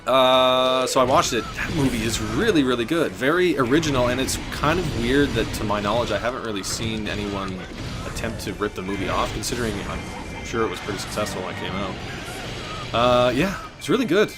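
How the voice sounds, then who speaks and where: A gaming channel host in his twenties rambles through casual gameplay commentary, dropping deadpan, absurd jokes. His mid-range voice moves briskly, with game music playing underneath and button clicks picked up by his desk mic.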